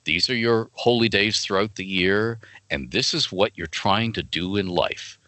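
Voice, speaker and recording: Animated guy telling game stories, laughs a lot, low-ish voice, dry sound. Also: measured pace, no room sound. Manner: animated, laughing often, jumps into quoted voices. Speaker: guest, fantasy game writer. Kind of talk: casual interview chat with storytelling.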